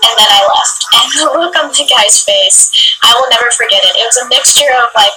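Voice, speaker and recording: A young woman telling a personal story in an animated, sassy way. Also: fairly high pitch, moderate pace, a little hiss or hum, rough recording. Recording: music playing underneath. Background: clear background music.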